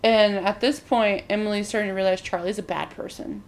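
A woman's voice: medium pitch, fairly even intonation, fairly quick. A woman in casual chat, animatedly retelling a movie plot and acting out the characters' lines, with frequent "like".

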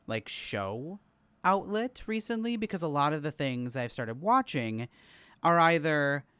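A podcast co-host from the US Midwest in casual chat, wry and quick to laugh. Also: medium pitch, a bit bright, clean tone, no echo.

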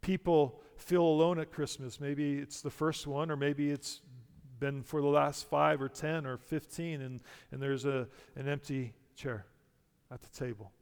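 Male pastor, emphatic sermon, rhetorical questions, slightly high voice, echoing church hall. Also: steady tone, a little slow, darkish tone, smooth.

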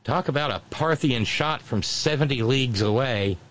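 A man's voice: medium pitch, moderate pace, a bit bright, low-quality recording. A man giving a casual political commentary monologue, mocking and sarcastic, often breaking off and restarting.

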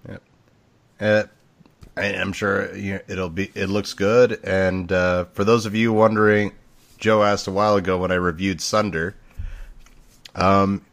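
A man's voice: low voice, level tone, unhurried, pauses often, a bit bright. A man co-hosting a casual video game podcast, tossing in dry joking asides. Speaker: podcast co-host. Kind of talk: casual chat.

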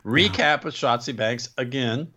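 A man's voice: medium pitch, measured pace, sharp tone. A man co-hosting a casual chat show, joking and recapping events, often slipping into silly quoted voices. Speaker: podcast co-host.

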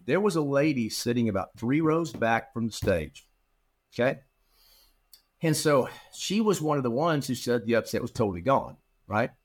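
A middle-aged man, a guest in an interview, telling a long anecdote and acting out the dialogue, with frequent restarts and repeated words. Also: mid-range voice. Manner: animated storyteller who acts out quoted dialogue. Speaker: interview guest, practice management consultant. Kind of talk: storytelling in a podcast interview.

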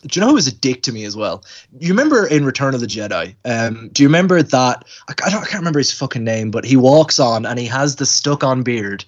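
A man's voice: medium pitch, fast. A man telling a casual anecdote on a podcast, acting out quoted voices with stammers. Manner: animated storyteller, acts out quoted voices, stammers. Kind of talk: casual storytelling chat. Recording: dull lo-fi sound.

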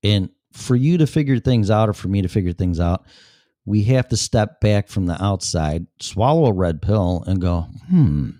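A man hosts his own talk show and answers the chat room in a blunt, sarcastic way, swearing freely. His voice sits very low and mellow. The sound is close and dry. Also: lively intonation, normal speed, no room sound. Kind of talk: casual solo show, reading chat aloud.

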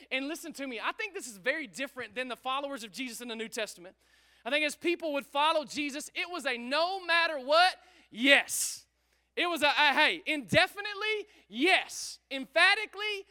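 A male pastor delivers an energetic sermon in a strikingly high voice. His tone is very bright and sharp. He repeats phrases and keeps calling on the congregation to answer. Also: fairly quick. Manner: energetic, repetitive, calls out to congregation. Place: church service.

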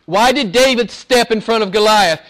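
A man with a Southern American accent preaching a sermon with passion, swinging between loud emphasis and hushed asides. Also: high voice, moderate pace. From Southern United States. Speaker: pastor.

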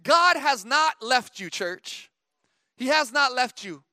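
Pastor, male, middle-aged: a high, bright voice with a dry, close sound, preaching conversationally with emphatic calls to the church. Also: animated, slow, dry recording. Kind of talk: sermon.

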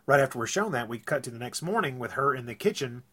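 A man's voice: medium pitch, lively intonation, fast, pushed and bright. A man chatting casually about a film, retelling scenes in a rambling way. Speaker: film discussion co-host.

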